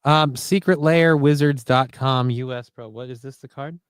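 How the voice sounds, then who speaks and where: A man's voice: mid-range voice, fairly even intonation, normal speed, clear, resonant tone, dry recording. A man hosting a casual livestream, loose, profane and jokey, reading chat comments and card text aloud. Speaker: livestream host.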